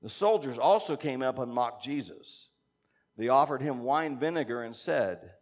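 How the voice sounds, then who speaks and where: A man teaching a congregation in a conversational sermon, reading scripture aloud and musing with animated asides. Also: medium pitch, normal speed. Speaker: pastor or Bible teacher.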